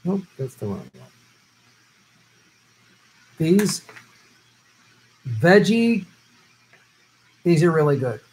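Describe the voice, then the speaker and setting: A middle-aged man hosts a loose, casual chat, reading out viewer comments and riffing on them with offhand jokes. His voice sits a touch higher than most men's, and he wanders through his answers with frequent fillers and restarts. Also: sing-song, extremely slow, pauses often, darkish tone, poor audio. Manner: joking, rambling, reads comments aloud. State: vegetarian who travels for work. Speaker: host answering viewer questions. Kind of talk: casual live-stream chat.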